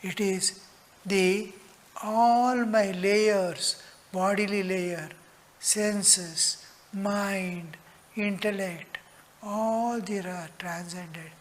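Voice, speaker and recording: A man giving a spiritual discourse as a monk teacher, earnest and slow, at times dropping into a whisper. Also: high voice. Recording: long hall reverb.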